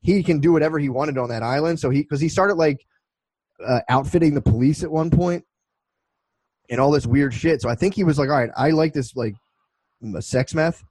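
A man's voice: on the high side, a little fast, a little mellow, no room sound, low-quality recording. A man in his twenties co-hosting a podcast, telling rambling, profane stories in casual chat. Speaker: podcast co-host.

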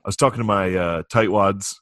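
A man's voice: fairly low pitch, normal speed, fairly bright tone, dry recording, studio quality. A young man, a comedian, joking and laughing in casual chat.

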